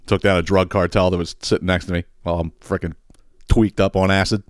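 A man's voice: deep voice, flat delivery, quick pace, no echo, studio quality. A man hosting a podcast, ranting in a casual comedic way. He swears freely and laughs at his own stories. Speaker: podcast host.

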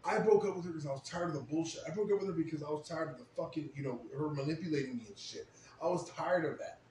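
Young guy rattling off a sweary story quick, echoey room, bit of background hiss. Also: fairly high pitch. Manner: profane, animated storytelling, shouts when quoting himself. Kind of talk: casual podcast chat, storytelling. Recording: roomy echo, faint ambient noise.

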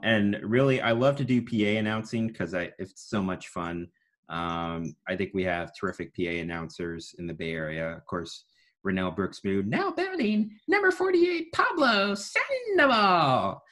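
A young man with a baritone voice, a student broadcaster chatting as a podcast guest in a rambling, self-deprecating way. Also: fairly bright tone. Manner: rambling, self-deprecating, with sudden announcer-style bursts. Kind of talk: casual podcast chat.

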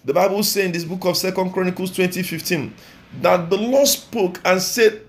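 Male pastor, high gravelly voice, fervent pleading prayer cadence. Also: moderate pace.

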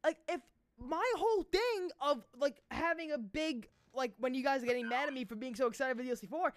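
A man's voice: extremely high pitch, a little fast, no echo, studio quality. A young man co-hosting a casual gaming podcast, rambling with lots of fillers and swearing. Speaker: podcast co-host.

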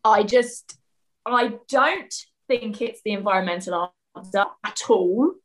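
A woman chatting as a podcast guest, opinionated and quick to laugh. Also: mid-range voice, rough recording. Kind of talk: casual chat.

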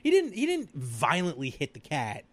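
Podcast co-host, male, high and very expressive, animated storyteller. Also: moderate pace. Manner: animated storyteller, acts out quotes with big pitch jumps. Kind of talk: casual chat.

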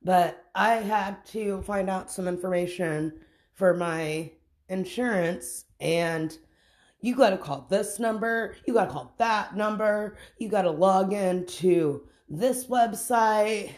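A woman's voice: medium pitch, takes it slowly, a little mellow. A young adult woman venting to her audience in a casual, frustrated rant, swearing and restarting her sentences. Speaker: vlogger.

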